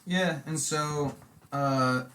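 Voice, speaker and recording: Young man, bright voice, rambling, profane, podcast chat, faint hiss. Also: a little high, very slow. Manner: profane, rambling storyteller who acts out quotes loudly. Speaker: podcast host. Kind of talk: casual storytelling chat.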